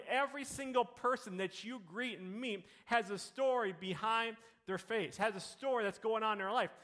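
A man's voice: very high voice, sharp tone. A man in his thirties preaching a sermon as pastor, telling a story and moving into emphatic appeals to the congregation.

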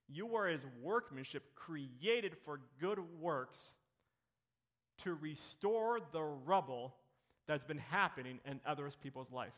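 A man's voice: a little high, a bit bright. A man in his thirties preaching a sermon as pastor, telling a story and moving into emphatic appeals to the congregation.

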